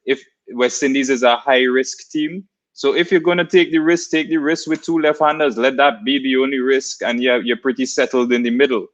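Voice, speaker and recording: A man's voice: mid-range voice, steady tone. Easygoing man on dull lo-fi audio. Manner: easygoing, measured, filler-heavy. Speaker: podcast guest. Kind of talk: casual podcast discussion.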